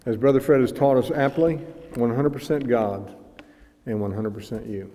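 A man preaching a sermon in an earnest way, reading passages aloud and building to loud, emphatic peaks. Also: mid-range voice, normal speed, long reverb tail.

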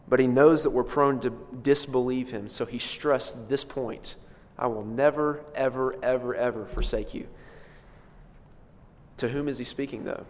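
A man preaching in a church, his voice sitting at an ordinary middle pitch. He leans on key words with sudden swells of loudness, then falls back almost to a murmur. A long hall reverb trails behind every phrase. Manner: emphatic, swells and drops in loudness for stress. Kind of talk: expository sermon.

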